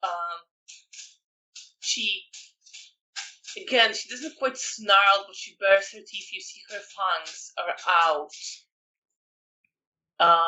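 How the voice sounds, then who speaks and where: A storyteller narrating a vampire tabletop game in slow, descriptive lines with fillers. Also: mid-range voice, pushed and bright, rough recording.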